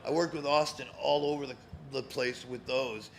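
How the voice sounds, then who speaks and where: Man, fifties, from Connecticut, gravelly voice, rambling profane storyteller, faint lounge ambience. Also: medium pitch, fairly even intonation, moderate pace, a little hiss or hum. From Connecticut, USA. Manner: rambling, profane, many fillers. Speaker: guest, former pro wrestler. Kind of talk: casual storytelling. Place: cigar lounge, live show.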